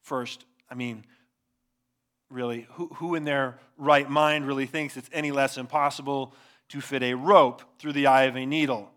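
A man's voice: medium pitch, fairly even intonation, normal speed, fairly bright tone. A man preaching a sermon to a congregation, earnest and emphatic, stressing his points and asking the listeners rhetorical questions. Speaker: pastor.

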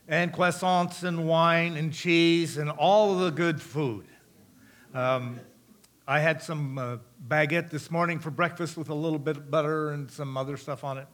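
A man's voice: on the high side, a bit bright. A middle-aged American man giving a missions talk to a congregation in a conversational way, asking the audience questions and repeating their answers back. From United States. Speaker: missionary speaker.

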